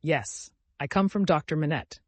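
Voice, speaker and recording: A man's voice: on the high side, normal speed, no room sound, close to an everyday voice. A man doing a curt stern wine-shop keeper. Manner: curt, mechanical. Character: reserved stern male wine-shop keeper, late 40s.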